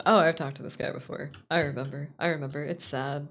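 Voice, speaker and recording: A woman with a fairly low voice streams a game and chats casually. She swears freely, rambles through asides and laughs easily. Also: steady tone. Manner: profane, rambling, quick to laugh. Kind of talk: casual let's-play chatter.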